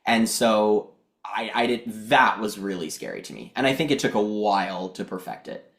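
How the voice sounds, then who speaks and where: A Canadian man in his thirties, guesting on a podcast, talking in an animated way and laughing often. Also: lowish voice, moderate pace, reverberant. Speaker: guest actor. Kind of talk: casual interview chat.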